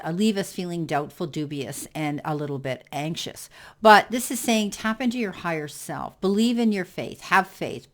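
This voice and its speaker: A woman giving a general tarot reading in a reassuring manner, with many fillers and repeated words. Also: on the low side. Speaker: tarot reader.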